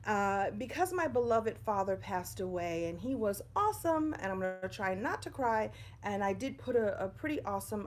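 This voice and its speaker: A woman's voice: medium pitch, a little hiss or hum. A middle-aged woman speaks to her livestream viewers from a room at home, in front of a bookshelf. She talks in a chatty, personal way about life lessons. The sound comes from a simple phone or webcam setup. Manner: warm, chatty, greets viewers by name. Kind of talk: live-streamed inspirational talk.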